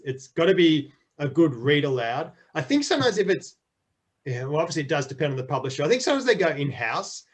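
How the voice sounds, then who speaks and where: A middle-aged man, a children's author, chatting enthusiastically in an interview with frequent restarts. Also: mid-range voice. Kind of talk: casual interview chat.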